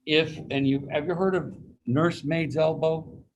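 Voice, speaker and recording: Over a video call, a man teaches anatomy in a casual, folksy style, dropping in personal anecdotes and imitating the voices of people he quotes. His voice is a little high and steady, his pace a little slow, and the recording is rough.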